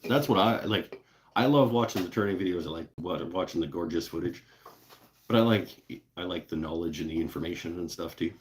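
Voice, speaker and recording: On a woodworking live stream, the channel's host chats in a laid-back, rambling way, casually swearing as he goes. His voice is low-pitched with a darkish tone.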